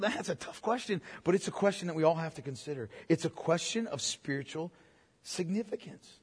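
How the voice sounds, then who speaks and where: A man with a high, husky voice preaches a sermon, his pitch rising and falling in lively swings. He speaks conversationally and leans on rhetorical questions. The sound carries a long hall reverb. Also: brisk. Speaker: pastor.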